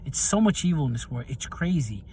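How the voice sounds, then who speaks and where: In a casual monologue to camera, a middle-aged video host tells personal stories and grows animated and heated when recounting what angered him. His voice is medium-pitched and brisk, with a little hiss or hum on the recording.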